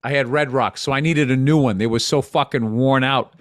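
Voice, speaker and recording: A man's voice: mid-range voice, fairly even intonation, fairly quick, dry recording, studio quality. A man in his fifties co-hosting a comedy podcast, talking in blunt, profane casual chat with rambling asides. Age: 50s.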